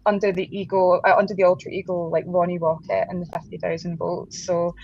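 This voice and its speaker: A woman's voice: fairly low pitch, level tone, brisk, creaky, a little mellow. A woman guest musician in a casual interview, chatting with frequent laughs, fillers and restarts. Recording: dull lo-fi sound with faint background noise.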